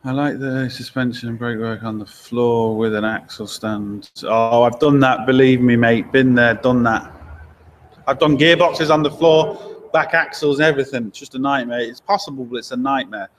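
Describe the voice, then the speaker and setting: A man's voice: medium pitch, steady tone, normal speed, slight background noise. A man, a garage owner chatting casually on a live stream, answering viewer questions with easygoing, blunt opinions and frequent laughs. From Lincoln, England.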